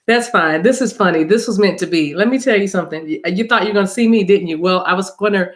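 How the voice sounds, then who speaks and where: A woman's voice: medium pitch, fast talker. A woman hosting a spiritual reading livestream on her phone, chatting casually with viewers, laughing, and calling them y'all. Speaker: spiritual reader and channel host.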